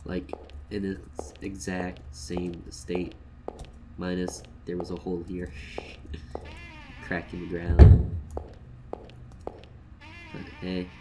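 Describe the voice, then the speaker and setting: Deep, lively joking gamer with a noisy mic. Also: male voice, very slow, long pauses. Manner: joking, jumps between mumbles and loud outbursts. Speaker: let's play gamer. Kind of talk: casual game commentary.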